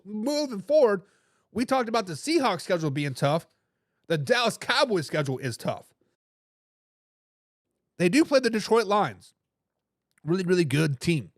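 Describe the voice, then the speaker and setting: High-voiced man hosting an animated sports show. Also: no room sound, studio quality. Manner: animated, hype phrases, frequent restarts. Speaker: sports talk show host. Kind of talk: live-stream sports talk, reading viewer comments.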